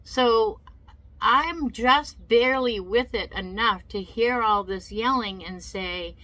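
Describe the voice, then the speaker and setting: A woman's voice: medium pitch, takes it slowly, pushed and bright, poor audio. A woman telling a personal story in a casual vlog, emotional and indignant, often repeating herself. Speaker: vlogger.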